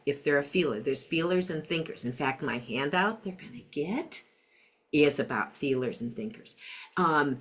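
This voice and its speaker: Gentle middle-aged woman, parenting expert. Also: deep voice, expressive, moderate pace, breathy edge. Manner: gentle, acts out soft empathetic phrases. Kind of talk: interview conversation.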